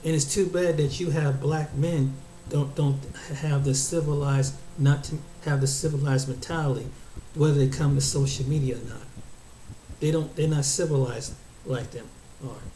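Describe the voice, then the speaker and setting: A man delivers a preachy, unscripted monologue to his viewers, stumbling and restarting his phrases. His voice sits a little high with a soft, mellow tone. The room has an echo and faint ambient noise behind him. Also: steady tone, moderate pace. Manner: preachy, repeats and restarts words often. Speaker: commentator. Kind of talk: casual opinion monologue.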